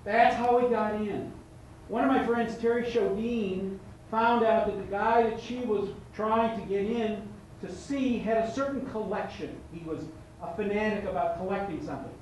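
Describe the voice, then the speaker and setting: A man's voice: high-pitched, normal speed, darkish tone. A man giving a motivational seminar talk to a live audience, telling stories with humor and acting out the dialogue. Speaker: motivational speaker. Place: large event room. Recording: echoey hall from far off with faint noise.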